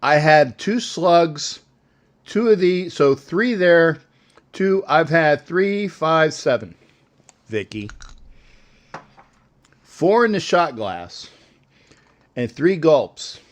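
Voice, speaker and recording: A man's voice: on the high side, animated, very slow, pauses often. An older man hosting a sports show, rambling and joking with callers in a casual live-stream chat.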